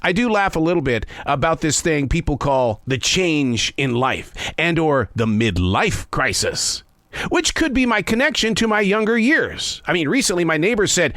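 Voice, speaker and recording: A man's voice: fairly high pitch, big pitch swings, a little slow, a bit bright, no echo. A man in his sixties hosting a scripted spoken essay, folksy and conversational with playful asides. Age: 60s. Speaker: host. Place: living in the American South.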